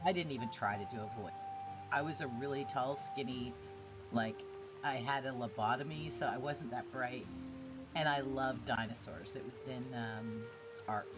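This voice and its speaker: A woman's voice: very deep voice, normal speed, over loud music. A woman hosting a casual podcast chat, telling stories bluntly and with animation. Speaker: podcast host.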